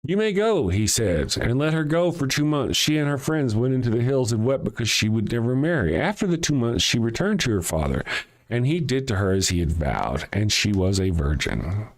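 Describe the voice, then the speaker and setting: Sarcastic man with a lively, swooping voice. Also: mid-range voice, normal speed. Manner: sarcastic, mocking asides with a lively swooping delivery. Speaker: host. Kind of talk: live-stream commentary reading scripture.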